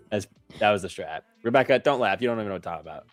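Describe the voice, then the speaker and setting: A young man with a low voice talks fast on a live trading stream, joking and swearing casually. The sound is dry and close, with faint music underneath. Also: lively intonation, no room sound. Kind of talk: casual chat.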